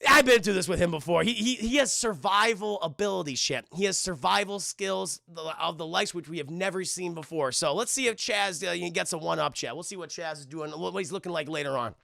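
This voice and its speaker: A man recapping a TV episode on a live stream, excitable and profane, who keeps talking to his chat. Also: high-pitched, a little fast, creaky, hardly any pauses, no room sound, studio quality. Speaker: streamer and TV reviewer.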